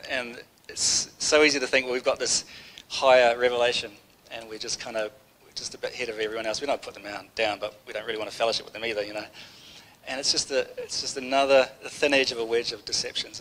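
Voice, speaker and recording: Guy preaching a chatty sunday sermon, pretty flat voice, keeps restarting, bit of faint noise behind. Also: mid-range voice, low-quality recording. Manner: conversational, rambling, with many restarts. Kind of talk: informal sermon.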